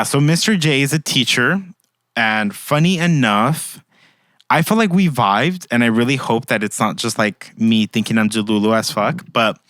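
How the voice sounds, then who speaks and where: Young guy podcasting, super chatty, smooth clear voice, dry close mic. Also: mid-range voice, dry recording. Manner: chatty, heavy use of "like", quotes others in animated voices. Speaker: podcast host. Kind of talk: casual storytelling monologue.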